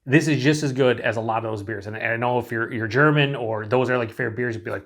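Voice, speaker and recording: A man's voice: medium pitch, quick pace, hardly any pauses, a bit bright. A man from the United States giving a rambling, enthusiastic, unscripted beer review, swearing freely and filling his talk with likes and uhs.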